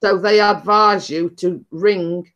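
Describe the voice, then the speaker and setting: A woman's voice: mid-range voice, steady tone, slow, fairly bright tone, highs cut off. A woman hosting a casual chat, rambling and repeating her words as she tells a story. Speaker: host.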